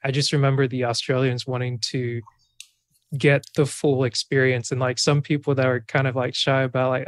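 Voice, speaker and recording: A podcast host, a man, sharing an anecdote in a relaxed, casual chat. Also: medium pitch, normal speed, no echo. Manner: relaxed, lots of "like" fillers.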